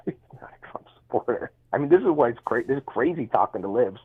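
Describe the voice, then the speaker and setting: A man's voice: mid-range voice, lively intonation, a little fast. A man calling into a livestream, arguing in a dismissive, mocking way. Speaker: caller. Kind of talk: heated call-in argument. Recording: husky tinny phone line.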